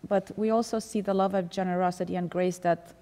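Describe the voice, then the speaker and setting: A woman's voice: fairly low pitch, fairly even intonation, fairly quick, warm tone, big-room sound. A woman leading a Sabbath School Bible study in a conversational way, reading scripture aloud and explaining it. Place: church.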